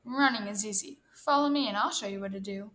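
Woman putting on a quick, chattering squirrel. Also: medium pitch, fairly bright tone, natural voice. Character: chattering know-it-all male squirrel.

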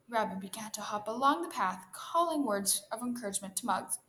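A woman reading a children's story aloud in a gentle, expressive manner. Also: a little high, fairly quick, few pauses, slight background noise.

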